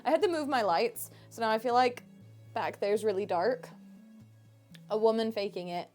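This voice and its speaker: A woman's voice: fairly high pitch, normal speed, a little mellow, faint music behind. A woman streaming from home, chatting casually with her viewers into a desk microphone in a playful, teasing way and laughing often. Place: home room.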